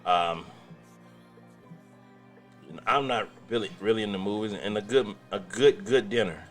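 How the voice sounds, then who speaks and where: A man with a Southern US accent co-hosts a talk radio show in a relaxed, meandering way, often pausing with fillers. Faint music plays behind him. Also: fairly low pitch. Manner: laid-back, rambling. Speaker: radio co-host. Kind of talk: casual radio banter.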